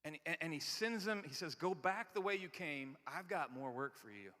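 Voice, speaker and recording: A man preaching a sermon in a large church. He talks conversationally and swings from loud, emphatic lines to hushed, near-whispered ones. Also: on the high side, expressive, normal speed. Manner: conversational, repeats and restarts words. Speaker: pastor. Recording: long hall reverb.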